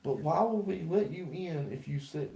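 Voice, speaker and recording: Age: adult. Sex: man. Role: paranormal livestream host. Style: casual ghost hunt, insistent questions to a spirit. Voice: dark, mellow. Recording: echoey room inside a house. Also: a little high, animated, moderate pace, creaky.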